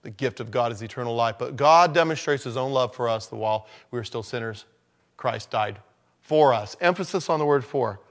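A man preaching a conversational sermon, dropping to low murmurs and then rising to loud, emphatic lines. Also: fast talker, hardly any pauses. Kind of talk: sermon on evangelism.

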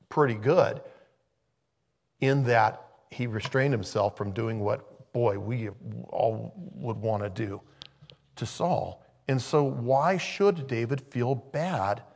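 A man's voice: medium pitch, darkish tone. A man preaching a sermon in a conversational way, thinking aloud and interrupting himself. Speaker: pastor.

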